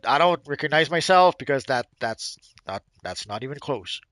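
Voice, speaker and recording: A man's voice: a little high, lively intonation, moderate pace, hardly any pauses, bright, forceful tone, no room sound, studio quality. A man from Quebec with a Quebec French accent, French his first language, chatting rambly on a live game stream and answering viewers. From Quebec, Canada.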